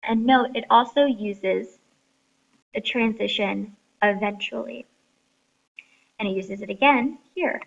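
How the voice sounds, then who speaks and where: Woman teacher going over a story for class, reads bits out loud, kinda muffled recording. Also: fairly high pitch, slow, gravelly, pauses often. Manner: explains step by step, reads passages aloud. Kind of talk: classroom lesson on story writing.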